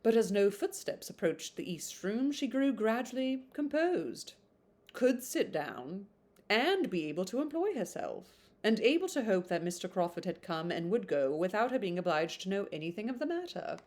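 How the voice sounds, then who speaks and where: A woman's voice: medium pitch, very animated, moderate pace, darkish tone. A woman reading a classic novel aloud, often breaking off to chat and laugh about it. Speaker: book reader.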